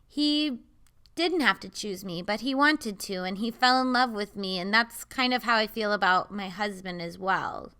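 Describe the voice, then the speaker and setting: Bright, clear-voiced woman vlogger. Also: medium pitch, normal speed. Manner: earnest and confiding. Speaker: mother and vlogger. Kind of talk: candid personal vlog talk.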